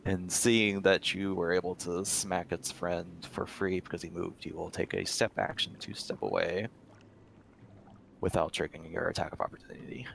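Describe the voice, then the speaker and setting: Gravelly low-voiced game master. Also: male voice, little pitch movement, moderate pace, a bit bright, slight background noise. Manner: upbeat, laughs often. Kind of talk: running a tabletop game.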